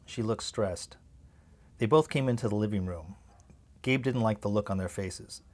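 A man narrating an audiobook in a calm, measured way. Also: on the low side.

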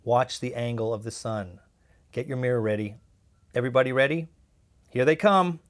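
A man's voice: medium pitch, little pitch movement, moderate pace, darkish tone, close to an everyday voice. A man playing a protective, commanding group leader. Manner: urgent, commanding. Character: protective older leader of a found family.

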